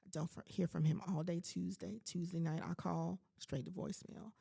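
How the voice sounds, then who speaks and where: A woman in her forties hosts her own podcast and tells a personal story straight to her listeners. Her voice is heavily gravelly with a husky edge. She sounds animated and emphatic throughout. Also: lowish voice, moderate pace. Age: 40s. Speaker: podcast host. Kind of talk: casual storytelling monologue to listeners.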